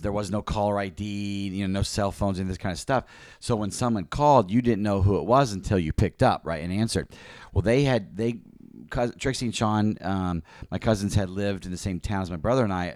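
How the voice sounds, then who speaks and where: Low, deep man in his forties teaching in a relaxed, chatty way that stumbles and restarts as he tells a story. His voice is close and dry, with no room sound around it. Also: no room sound. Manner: animated storyteller with many restarts. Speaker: church teacher and co-host. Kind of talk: casual teaching talk.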